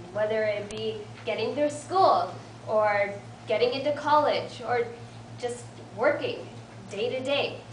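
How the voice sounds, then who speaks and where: High-voiced young woman speaking in a roomy hall. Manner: earnest storytelling with a light laugh at herself. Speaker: invited student speaker. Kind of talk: motivational speech to a support group. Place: meeting room of a support group. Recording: roomy, distant mic with faint room noise.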